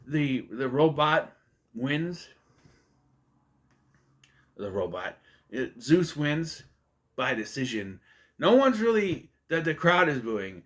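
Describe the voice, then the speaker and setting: A man's voice: mid-range voice, fairly bright tone. A man casually reviewing a movie, rambling and conversational with many fillers and restarts. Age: adult.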